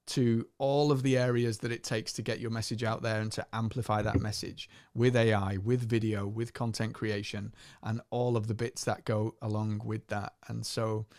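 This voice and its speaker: A man's voice: on the low side, level tone, moderate pace, hardly any pauses, a little mellow, no echo. Dry, conversational male co-host. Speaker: co-host and coach. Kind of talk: live workshop chat.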